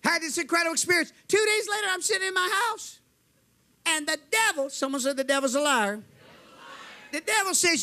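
A man's voice: very high voice, lively intonation, moderate pace, long pauses, pushed and bright. A man preaching a fervent sermon, telling his testimony, calling to the crowd and acting out the voices in his story.

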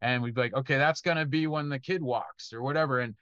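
A man's voice: medium pitch, quick pace, a bit bright, no room sound, muffled recording. A man who composes film music, answering student questions in a loose, conversational way, now and then swearing and acting out what directors tell him. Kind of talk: casual Q&A talk.

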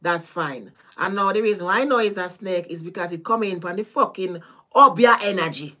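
A woman's voice: on the low side, a little fast. Caribbean woman chatting on a live stream. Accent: Caribbean, Jamaican-style patois. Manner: chatty and animated, swears freely, laughs often. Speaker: tarot reader. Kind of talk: casual live-stream chat with viewers.

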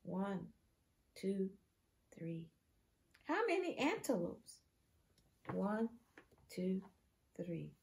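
A woman teacher reading a picture book aloud to preschoolers, asking them questions in an exaggerated, animated way. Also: mid-range voice, drawn-out words, gravelly, long pauses.

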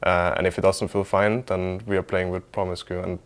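A man's voice: sits low, little pitch movement, brisk. A man, an esports team player, talking informally in a documentary interview, hedging often with lots of fillers.

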